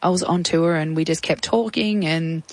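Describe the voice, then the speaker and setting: Speaking at a normal speed in a low-pitched voice, an Australian woman, probably in her thirties, recounts her own story as an interview guest. Her talk is casual and reflective, full of quoted speech. There's no echo, but the audio is poor.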